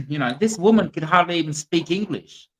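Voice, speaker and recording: A man's voice: on the high side, expressive, normal speed, a bit bright, a little hiss or hum, poor audio. A man, chatting casually with mocking laughs and swearing. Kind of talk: casual chat.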